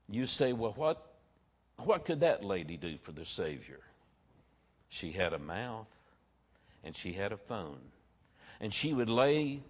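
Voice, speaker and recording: Earnest storytelling preacher, lowish voice. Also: male voice. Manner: storytelling preacher, earnest, varies loudness for emphasis. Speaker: pastor. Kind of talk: sermon.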